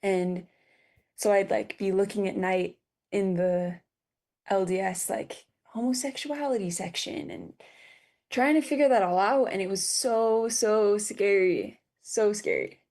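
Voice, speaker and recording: A woman in her twenties speaks as a podcast guest, sharing a personal story. She talks haltingly, with frequent fillers and restarts, and sounds close to tears. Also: mid-range voice, darkish tone. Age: 20s. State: near tears.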